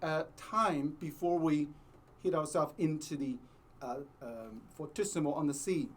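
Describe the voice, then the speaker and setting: A man teaching a cello lesson, explaining slowly and patiently with many pauses, sometimes singing the phrases he means. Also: fairly high pitch. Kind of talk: music lesson with sung demonstrations.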